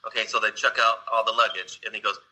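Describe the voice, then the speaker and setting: Husky, sharp-edged low male voice. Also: level tone, quick pace, low-quality recording. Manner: rambling, with many restarts and asides to the listener. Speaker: storyteller. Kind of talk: casual rambling retelling of a film scene.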